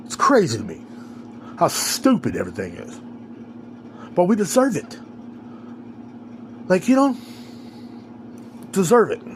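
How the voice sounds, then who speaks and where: A man on a podcast goes off in a loose, rambling rant. He swears freely and circles back on his points. His voice sits a bit high for a man, and faint vehicle noise hums underneath. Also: wildly swooping pitch, a little slow, long pauses. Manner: heated, profane, rambling. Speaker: podcast host. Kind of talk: casual ranting monologue.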